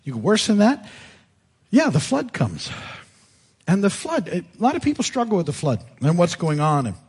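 A man's voice: sits high, wildly swooping pitch, moderate pace, darkish tone, breathy edge. A middle-aged male pastor giving an informal, emphatic sermon. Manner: emphatic, informal, frequent restarts. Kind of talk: conversational sermon teaching.

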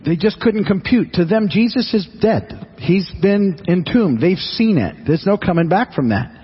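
Man, pastor, sermon, high husky voice, earnest and conversational, dull lo-fi broadcast sound. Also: expressive, normal speed. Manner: earnest and conversational, with frequent restarts and repeated words.

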